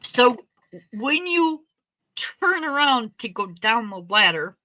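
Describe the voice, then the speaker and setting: A woman's voice: on the high side, takes it slowly, no room sound, poor audio. A middle-aged woman hosting a casual chat, telling a story with lots of laughter and free swearing. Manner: animated, laughing often, swearing freely. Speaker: host.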